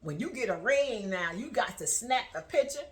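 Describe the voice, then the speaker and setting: High, lively woman telling a story. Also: moderate pace. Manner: animated, laughs often while telling a story; talks straight to viewers. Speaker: vlogger. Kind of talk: casual storytelling to camera.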